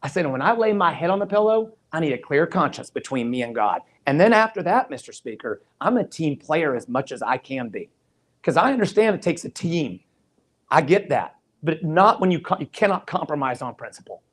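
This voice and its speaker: A man's voice: fairly high pitch, big pitch swings, fairly quick. A man giving an earnest campaign stump speech. He retells past conversations in quoted dialogue and drives his points home with repeated phrases. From Georgia, USA. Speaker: political candidate.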